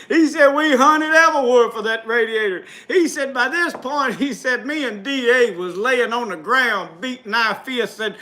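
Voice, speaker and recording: A man spins a folksy tall tale in thick rural dialect. His voice sits very high and rings bright. He keeps breaking into chuckles at his own story. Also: measured pace.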